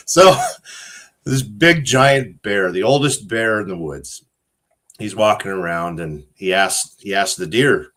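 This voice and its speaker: A man's voice: lowish voice, slow pace, long pauses, fairly bright tone. A man and trucker, casually rambling through jokes in a group chat with a self-deprecating manner. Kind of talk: casual joke-telling chat.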